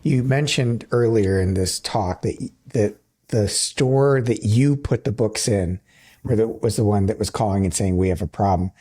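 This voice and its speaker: A man's voice: on the low side, normal speed, dark tone, husky. A man hosting a podcast, teasing his guest in casual chat and laughing easily. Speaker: podcast host. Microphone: podcast microphone.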